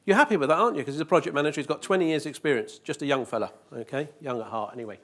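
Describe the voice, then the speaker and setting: High-voiced man presenting jokingly. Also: very fast, fairly bright tone. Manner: jokey, teasing audience with rhetorical questions. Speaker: conference speaker. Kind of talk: live conference presentation. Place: conference hall.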